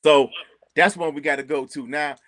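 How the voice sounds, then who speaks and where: A man with a Chicago accent chatting casually as co-host, animated, repeating words and laughing often. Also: a little high, moderate pace, no echo, studio quality. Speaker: co-host recommending local restaurants. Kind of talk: casual chat.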